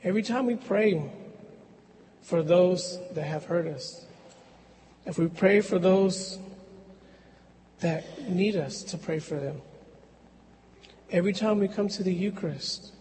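A man preaching a sermon in a slow, measured way with long pauses, in a church. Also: high-pitched, darkish tone, long reverb tail, a little hiss or hum, low-quality recording.

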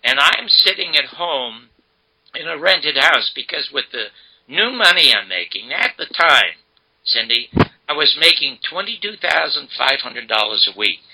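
Older male guest, animated storyteller, husky, slightly high-pitched. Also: a little slow, poor audio. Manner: animated storyteller, acts out quoted dialogue. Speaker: interview guest. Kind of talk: storytelling interview.

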